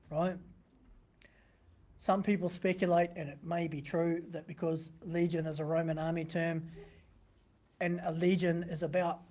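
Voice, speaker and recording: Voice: mid-range voice, mellow, slightly rough. A pastor giving a sermon, teaching conversationally from a printed text and often asking the listeners rhetorical questions.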